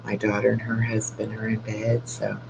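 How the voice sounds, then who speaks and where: A man's voice: fairly low pitch, monotone, normal speed, vocal fry. An older man chatting casually on a late-night live stream with his dog, keeping his voice down so he won't wake the house. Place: home at night. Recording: dull lo-fi with faint hum.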